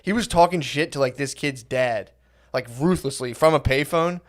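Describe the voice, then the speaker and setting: A man's voice: fairly high pitch, normal speed. A young adult man on a comedy podcast, telling crude stories and acting out the quoted lines. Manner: crude storytelling, acts out quotes. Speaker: podcast co-host. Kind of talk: casual comedic chat.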